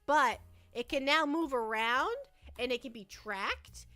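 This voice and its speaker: Speaking slowly in a high-pitched, sharp-toned voice, a young adult woman chats casually on stream, rambling, stammering and repeating herself, and squealing with delight as she thanks her viewers. There's no room sound, just faint music in the background.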